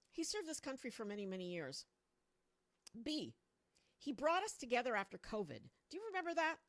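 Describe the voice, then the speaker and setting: A woman's voice: a little high, fairly bright tone. A woman on a livestream ranting about politics into her microphone on a stand, rambling and mocking as she talks to her viewers. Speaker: political commentator streaming to viewers. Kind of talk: casual political rant on a livestream. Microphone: own microphone on a stand.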